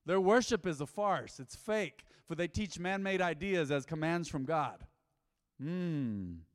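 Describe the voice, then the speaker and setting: A middle-aged man preaching a sermon as pastor, lively and humorous, with acted-out quotes. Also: a little high, measured pace. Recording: echoey hall with long reverb.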